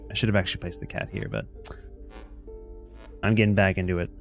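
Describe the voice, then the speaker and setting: Low-voiced man casually streaming a game. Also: level tone, fast, vocal fry, pauses often. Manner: easygoing, thinks aloud and greets chat. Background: faint music.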